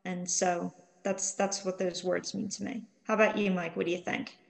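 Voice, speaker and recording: A woman's voice: on the low side, level tone, normal speed, vocal fry, low-quality recording. A middle-aged woman co-hosting a live online Bible study, reading scripture and viewer comments aloud with frequent ums. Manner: warm greetings, reads viewer comments aloud with many ums.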